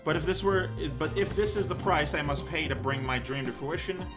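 A man's voice: on the high side, a little fast, over music, close to an everyday voice. A man hamming up a grandiose mad scientist. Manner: theatrical, villainous proclamations.

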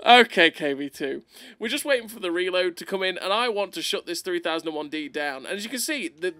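A man doing excitable, playful gameplay commentary over a video, laughing often, recorded close on a desk mic. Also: sits high, a little fast, dry recording.

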